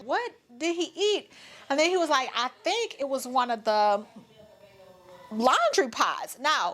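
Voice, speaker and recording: Woman, 30s, casual vlog storyteller, talks to viewers directly, a touch high-pitched. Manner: chatty, animated, addresses viewers as y'all. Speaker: mother vlogger.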